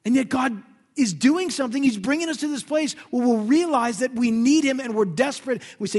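A man preaching a sermon as pastor, dramatic, swinging from hushed tones to loud emphasis. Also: extremely high pitch, brisk, long reverb tail.

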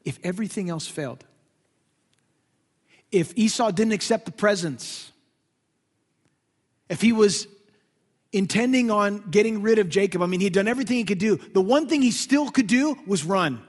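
A man preaching a sermon as pastor, dramatic, swinging from hushed tones to loud emphasis. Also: high voice, expressive, moderate pace, pauses often, long reverb tail.

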